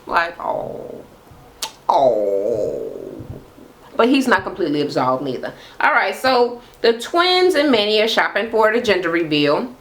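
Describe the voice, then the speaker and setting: A woman's voice: mid-range voice, low-quality recording. A woman recapping a reality show in a casual, profane rant, acting out the cast's lines. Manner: animated, profane, acts out quotes.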